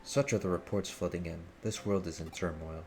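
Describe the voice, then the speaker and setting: An earnest young hacker leader who speaks in formal, solemn sentences about protecting his world, read by a man in his own deep voice. The voice sits very low. Game music plays clearly behind him. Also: steady tone, fairly quick, a little mellow.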